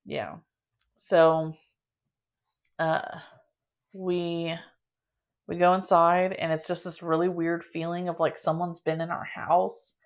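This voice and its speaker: A young adult woman from Indiana, hosting a podcast and telling a story in a dramatic, animated way, full of filler "like"s. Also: lowish voice, takes it slowly, pauses often. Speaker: podcast host. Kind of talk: casual storytelling.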